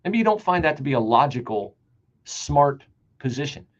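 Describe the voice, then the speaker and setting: A man hosting a political talk show, delivering an animated, sarcastic and emphatic monologue. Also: a little high, moderate pace. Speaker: radio talk show host. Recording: dull lo-fi sound.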